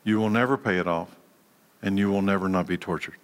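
A man's voice: deep voice, fairly quick, big-room sound. A man preaching a sermon, emphatic, repeating key words and putting questions to his audience. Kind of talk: animated sermon.

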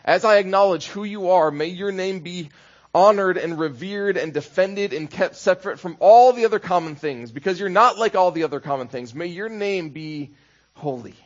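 A man's voice: sits high, lively intonation, moderate pace, dull audio. A man preaching a sermon as pastor, conversational, building into rhythmic repeated phrases.

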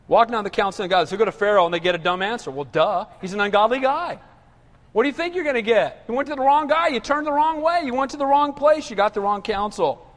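A man preaching a sermon in an animated call-and-response manner. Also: high voice. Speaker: pastor. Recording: reverberant hall.

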